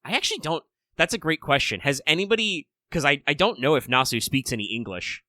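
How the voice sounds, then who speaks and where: An American man co-hosting a relaxed podcast, his voice bright and forward. He rambles, doubles back on words and drops wry asides. The sound is close and dry. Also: on the high side, fairly quick, no room sound. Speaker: podcast co-host. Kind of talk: casual chat.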